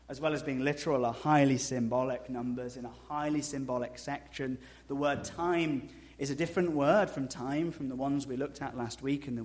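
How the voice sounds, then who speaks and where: A man preaching a sermon in a conversational way with dry humor, dropping to slow, soft emphasis and rising to loud, high asides. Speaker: pastor.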